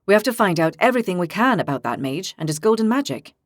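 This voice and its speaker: Woman doing a calm young ranger leader. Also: high voice, fast talker, no echo, studio quality.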